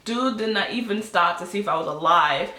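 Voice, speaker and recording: A woman in her twenties telling a storytime vlog, chatty and animated, acting out quotes with lots of fillers. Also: medium pitch, brisk, reverberant. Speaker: vlogger.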